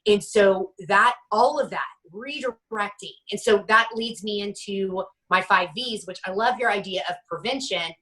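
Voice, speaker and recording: A woman in her forties speaks candidly as an interview guest, her voice bright and forceful. She stops and restarts often, then livens up to act out the lines of people in her stories. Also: medium pitch, poor audio. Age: 40s. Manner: halting, many restarts, lively quoting of others. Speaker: guest author.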